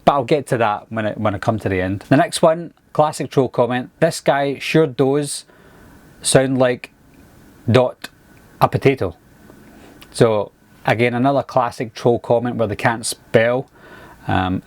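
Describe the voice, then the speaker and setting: A man's voice: mid-range voice, no room sound. A Scottish man doing casual video commentary, mocking viewer comments with an exasperated tone. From Scotland. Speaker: YouTuber.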